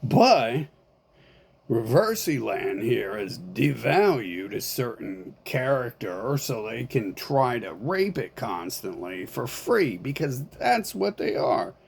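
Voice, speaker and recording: A man's voice: mid-range voice, sing-song, takes it slowly, gravelly, husky. A man ranting in a rambling monologue, profane and agitated, speaking as an online commentator.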